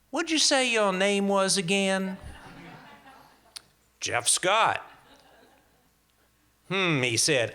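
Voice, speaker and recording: An older man in his sixties speaks from a stage microphone, with a bright and forceful tone. He tells stories to a live audience in a wry, easygoing way, with small hesitations. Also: mid-range voice. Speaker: guest speaker. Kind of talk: prepared talk to an audience. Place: lecture hall before a live audience.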